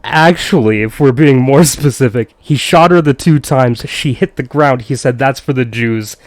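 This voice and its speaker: A man's voice: medium pitch, moderate pace, dry recording. A man co-hosting a casual film review chat, recounting scenes and laughing often.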